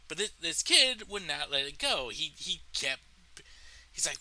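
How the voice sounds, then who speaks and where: A man telling a story from his life in a casual storytime monologue, animated and profane, laughing at his own tale. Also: fairly high pitch, a little slow, a little hiss or hum, rough recording. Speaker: storytelling vlogger.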